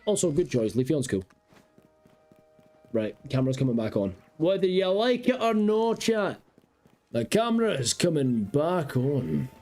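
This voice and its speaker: A man in a casual live stream, thinking aloud and rambling to his viewers. His voice sits a little high with a mellow, soft-edged tone. Faint game music runs underneath. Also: very animated, a little slow.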